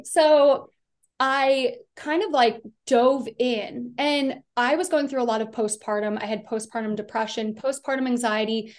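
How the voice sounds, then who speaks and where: A woman's voice: on the high side, fairly even intonation, a little slow. A woman from the US East Coast, a podcast guest, telling her personal story in a chatty, rambling way full of fillers. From Delaware, US East Coast.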